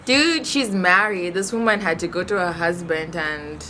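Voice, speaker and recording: A young woman telling a personal story in a chatty, animated vlog style, full of rhetorical questions. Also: on the low side, normal speed, background noise. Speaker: vlogger. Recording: music playing under voice.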